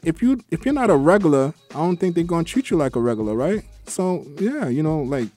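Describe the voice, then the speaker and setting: A man talks as a guest on a radio show, laid-back and joking. His pitch moves a lot as he speaks. The sound is dry and close, with soft music under it. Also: very animated, brisk, no echo. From New York. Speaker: guest songwriter. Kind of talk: casual radio interview chat. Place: radio studio.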